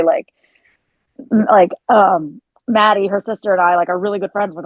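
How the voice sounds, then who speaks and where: A woman guest chatting casually on a podcast, telling a story with lively quoted asides and frequent laughs. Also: medium pitch, brisk, no room sound, lo-fi sound. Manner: animated storytelling, quotes herself, laughs often. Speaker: guest, country musician and teacher.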